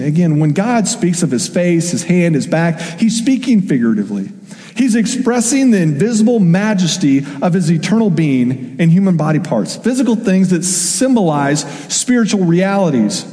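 High-voiced man preaching in a reverberant hall. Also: normal speed. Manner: conversational, animated preaching with asides. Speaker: pastor. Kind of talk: sermon.

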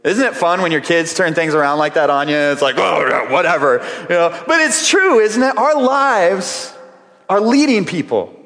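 A man's voice: sits high, expressive, normal speed, a bit bright, in a large hall. A man preaching a sermon with earnest, repeated phrases as he builds each point. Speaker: pastor.

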